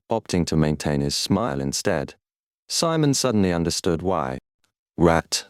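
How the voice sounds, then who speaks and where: Brief: low-voiced man, smooth and animated narration, dry studio sound. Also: no room sound. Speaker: audiobook narrator. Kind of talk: scripted narration.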